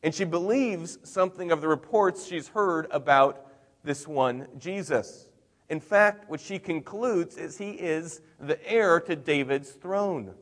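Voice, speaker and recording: A middle-aged man preaching a sermon in a conversational way, with emphatic swings in loudness. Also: on the high side, a little slow, in a large hall. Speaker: pastor.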